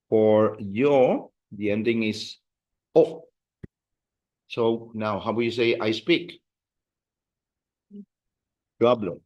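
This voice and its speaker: Slow, patient teacher man. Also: on the low side, muffled recording. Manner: slow, patient, drills students with call-and-response. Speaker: Spanish teacher. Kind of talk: classroom lesson. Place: classroom.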